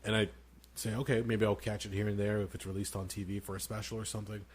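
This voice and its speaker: A man in his thirties co-hosting a casual podcast, excitable and profane, laughing often. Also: fairly low pitch, fast talker, husky. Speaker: podcast co-host. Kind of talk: casual chat.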